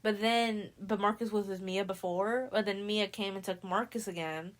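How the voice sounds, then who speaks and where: A young woman recaps a book on her podcast in loose, casual chat. She tells it in an animated, gossipy way and jumps into quick voices for the people in the story. Her voice sits at an ordinary middle pitch. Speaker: podcast host.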